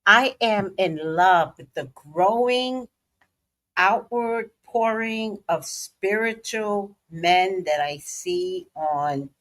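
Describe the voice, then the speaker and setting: A woman's voice: mid-range voice, fairly bright tone. A middle-aged woman hosting a casual livestream, playful and dramatic with slangy asides. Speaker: psychic livestream host.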